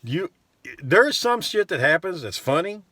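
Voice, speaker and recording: A man's voice: sits high, very animated, moderate pace, bright, forceful tone, breathy edge, dry recording. Guy in his 20s or 30s venting into the camera, swears a lot, rambly, dry close sound. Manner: blunt, profane, rambling with frequent fillers. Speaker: vlogger. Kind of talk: casual rant to camera.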